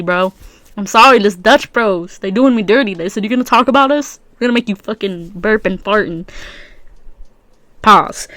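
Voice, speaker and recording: A woman's voice: medium pitch, dry recording. Slangy young woman with a stuffy nose. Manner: slangy and rambling, many fillers. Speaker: podcast host. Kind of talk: casual solo podcast chat.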